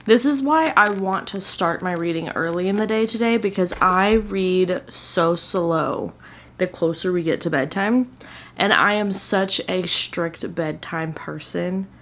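Chatty low-voiced woman reading vlogger. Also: a little slow, a bit bright. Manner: chatty and playful, drops to a whisper at times. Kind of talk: casual vlog chat. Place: home, indoors.

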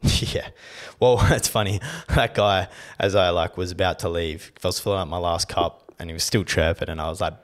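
A man's voice: low voice, steady tone, moderate pace. Brash young man ranting. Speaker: podcast co-host. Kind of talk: casual chat.

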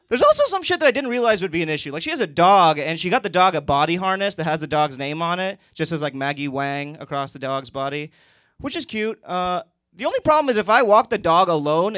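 Young male comic, stand-up set, dry storyteller, slightly high voice, close dry sound. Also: animated, fairly quick, a bit bright, no room sound. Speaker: stand-up comedian. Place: comedy club.

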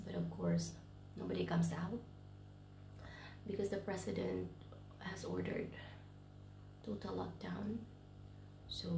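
A woman's voice: mid-range voice, gravelly, warm tone, roomy sound, a little hiss or hum. A woman vlogging from a bedroom while sick with a cold, speaking tiredly and often dropping to a whisper. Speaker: vlogger, English teacher. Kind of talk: casual vlog chat. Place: bedroom at home, in self-quarantine.

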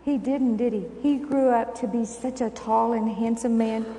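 A woman's voice: a little high, fairly even intonation, normal speed, mellow, a little hiss or hum. An older woman giving a children's sermon in a church, coaxing and asking the children questions. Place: church sanctuary. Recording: echoey church hall recording.

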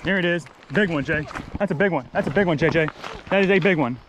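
A man vlogging while wading a mountain creek, casually explaining the water and getting excited over catches. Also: a little high, fast talker, lo-fi sound, noisy background. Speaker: fishing vlogger. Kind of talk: casual outdoor fishing commentary.

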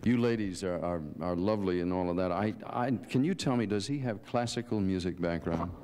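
A man's voice: low voice, fairly quick, darkish tone, smooth. A man hosting a 1970s televised interview, chatty and joking with his guests. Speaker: TV show host. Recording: 1970s TV broadcast.

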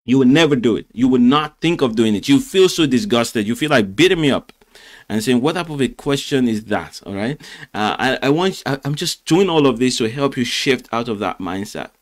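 A man's voice: mid-range voice, lively intonation, brisk. Earnest man coaching on marriage. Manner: earnest, repeats words, many fillers and restarts. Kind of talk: motivational Christian talk.

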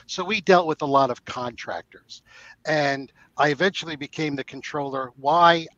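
A man's voice: fairly high pitch, moderate pace, fairly bright tone, dry recording, lo-fi sound. A man on a webinar panel, a former controller, telling jokey anecdotes from his career.

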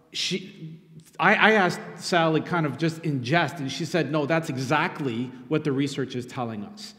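A man's voice: a little high, normal speed, sharp tone. A man, a university instructor and producer, telling the story behind his film in a conversational public talk. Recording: long echo in a lecture hall.

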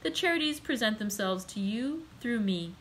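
A woman's voice: on the high side, lively intonation, normal speed, fairly bright tone, slight background noise, poor audio. A woman reading the lines of a polite, formal male charity official.

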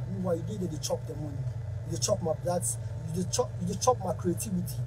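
Man, Ghanaian Pidgin accent, high voice, heated rant to camera, repetitive, faint background noise. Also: fast. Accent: Ghanaian Pidgin English. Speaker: musician.

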